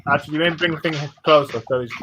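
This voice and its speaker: A man's voice: fairly high pitch, racing. A man calling into a casual live chat, joking and rambling, often restarting his words. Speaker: caller. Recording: noisy call audio.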